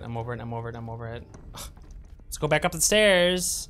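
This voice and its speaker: A man's voice: mid-range voice, expressive, fast talker, a bit bright, faint music behind. A man streaming a game live, making sarcastic jokes and swearing a lot when he gets frustrated. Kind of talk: live gameplay commentary.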